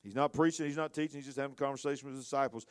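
A man preaching a passionate sermon, swinging between hushed, intimate lines and loud, rising storytelling. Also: medium pitch, racing, clear, resonant tone. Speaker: pastor.

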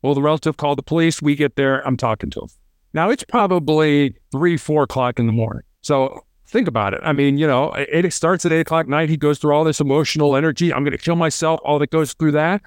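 A middle-aged former hostage negotiator talks fast in a clear, resonant voice on the high side, captured in studio quality with no room sound. His interview storytelling is animated, with imitated voices of people he quotes and repeated words.

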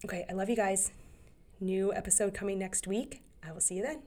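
A woman's voice: medium pitch, fairly even intonation, fairly quick, warm tone, a little hiss or hum. Earnest woman rambling through heartfelt advice. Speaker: podcast host. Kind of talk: solo podcast monologue.

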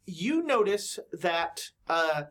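A woman's voice: lowish voice, sing-song, drawn-out words. A woman running a tabletop game as game master, narrating the scene with a playful manner and bursts of sound words. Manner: playful, laughs through descriptions, adds sound words.

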